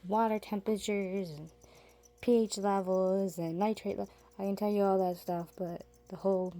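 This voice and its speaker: A woman chatting casually in a home basement as she shows her pet tarantulas. She rambles, trails off mid-sentence and coos softly at her animals. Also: medium pitch, lively intonation, moderate pace. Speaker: pet keeper showing her tarantulas and fish. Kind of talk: casual vlog chat.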